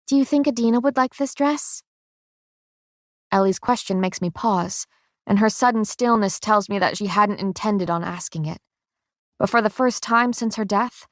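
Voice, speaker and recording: A woman reading first-person audiobook narration in a steady, measured way. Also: medium pitch, no room sound, clean studio sound.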